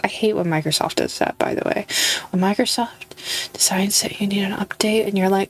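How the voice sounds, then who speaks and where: A woman's voice: mid-range voice, fairly even intonation, a little fast. A young woman streaming a visual novel, chatting playfully with viewers and reading the game's lines aloud. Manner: playful and giggly, reads lines in character. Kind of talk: casual live-stream chat and reading game text aloud.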